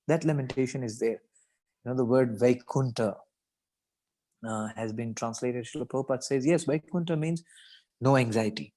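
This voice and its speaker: A man's voice: mid-range voice, moderate pace, long pauses, mellow, rough recording. A man giving a reflective devotional talk at a scripture reading, thoughtful and rambling, with many "you know" asides. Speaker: guest speaker at a scripture reading.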